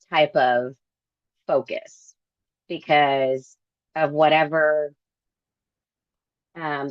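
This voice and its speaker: Middle-aged woman, book club member, slow and reflective with lots of "um"s, lowish voice, slightly muffled dry sound. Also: no room sound. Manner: halting, reflective, many fillers. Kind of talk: casual group discussion.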